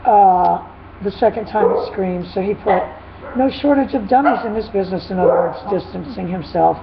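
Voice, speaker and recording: A woman dog trainer chatting casually in a vlog, retelling a dispute in an animated, rambling way with frequent laughs. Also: medium pitch, moderate pace, vocal fry. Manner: animated storytelling, laughs often. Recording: dull lo-fi with faint noise.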